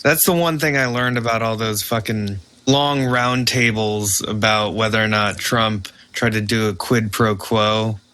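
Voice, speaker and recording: Rambling low-voiced male podcast co-host. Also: pushed and bright, clean tone. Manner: rambling, laughing storyteller. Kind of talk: casual chat.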